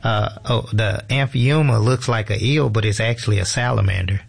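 A man's voice: fairly low pitch, fairly even intonation, normal speed, vocal fry, breathy edge. A man, a museum educator explaining animals in an informal, easygoing way. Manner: informal, explanatory, frequent fillers and restarts. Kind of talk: casual radio interview.

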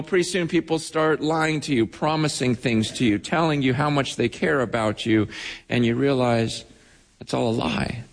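A man's voice: creaky, long reverb tail. A man preaching a sermon, often repeating and restarting words and acting out the voices of people he quotes. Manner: repetitive restarts, acts out quoted voices, pitch rising and falling widely. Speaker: pastor.

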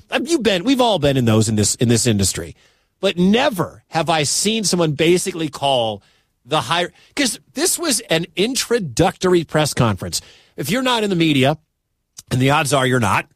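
A man from the American Midwest hosting a sports talk radio show, talking in an animated, incredulous, conversational way. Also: fairly high pitch, no room sound, clean studio sound.

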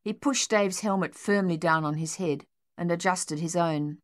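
A woman narrating an audiobook in a steady, measured storytelling voice. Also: on the low side, no echo, studio quality. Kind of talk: scripted narration.

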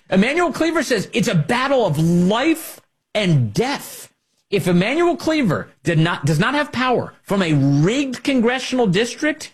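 A man's voice: high-pitched, sing-song, normal speed, husky. A man hosting a political opinion monologue, combative and sarcastic. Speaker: political commentary host.

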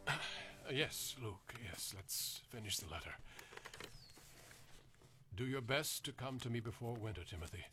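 An actor playing a calm, steadfast apostle, gentle and resolute. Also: male voice, medium pitch, measured pace, long pauses, natural voice. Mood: serene. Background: music.

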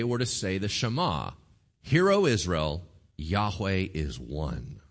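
A male pastor preaching a sermon in a lively, jokey, conversational way. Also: mid-range voice.

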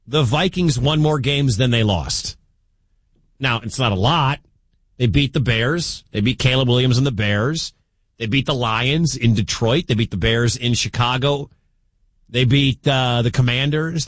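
A man's voice: mid-range voice, no room sound. A man hosting a sports talk radio show, giving opinionated commentary and talking straight to his listeners in an argumentative way.

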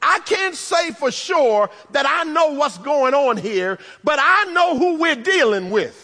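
A man preaching, voicing a hopeful but uncertain sister, with an emphatic, drawn-out delivery. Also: very high voice, big pitch swings, sharp tone, exaggerated voice.

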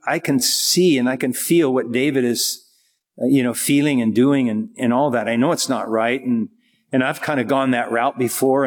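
Male pastor, earnest and halting, husky tone, long church reverb. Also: a little high. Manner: earnest, halting with restarts, slows to read scripture. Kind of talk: sermon.

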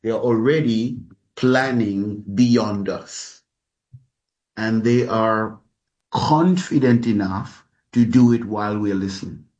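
A man preaching a sermon as a pastor, speaking deliberately and calling his listeners beloved. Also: lowish voice, darkish tone, muffled recording.

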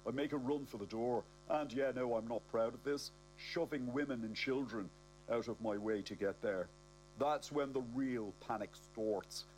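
A man's voice: medium pitch, normal speed, darkish tone, slight background noise, low-quality recording. A man with a South Dublin accent narrating a comic audiobook, cocky and self-mocking.

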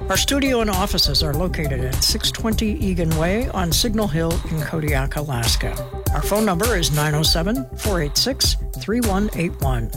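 A radio announcer reading a station identification in an even, steady way. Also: mid-range voice.

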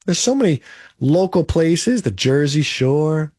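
A man's voice: on the high side, very animated, unhurried, dark tone, breathy edge, no room sound, studio quality. A man in his late forties delivering a blunt, motivational monologue full of rhetorical "right?"s. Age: 40s. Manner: emphatic, blunt and pep-talking, with rhetorical "right?".

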